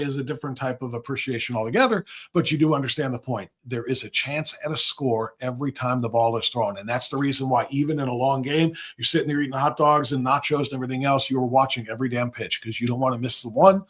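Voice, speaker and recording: A man's voice: mid-range voice, fairly bright tone. A middle-aged man hosting a livestream, giving rambling, sarcastic political commentary. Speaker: host.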